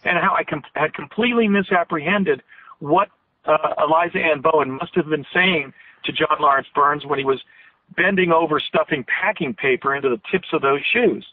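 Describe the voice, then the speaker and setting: A man's voice: on the high side, moderate pace, dry recording. A man in his fifties, an interview guest telling a long story in an earnest, rambling way with many restarts, heard over a phone line. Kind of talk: earnest storytelling on a call-in radio show. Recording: tinny phone line, dry.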